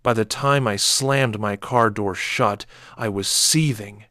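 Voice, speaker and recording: A man narrating a first-person horror story in a measured, dark way. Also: fairly low pitch, dry recording, clean studio sound.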